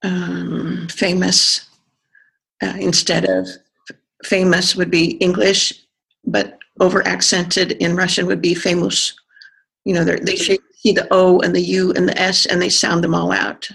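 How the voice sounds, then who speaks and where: An accent coach explaining pronunciation in conversation, pausing to think and sounding out vowels to demonstrate. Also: medium pitch, completely flat delivery, vocal fry, a bit bright, breathy edge. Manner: thoughtful, pauses with fillers, sounds out vowels to demonstrate.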